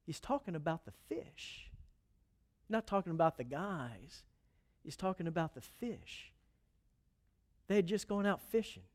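A male preacher retells a scripture story as a casual, lively sermon. His voice sits high for a man, and he keeps his chatty asides animated. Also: a little slow, pauses often.

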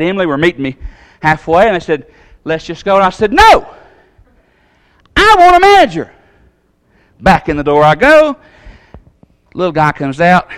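Preacher, storytelling, a bit high-pitched, animated, acts out the voices. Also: male voice. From Tennessee. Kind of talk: storytelling sermon.

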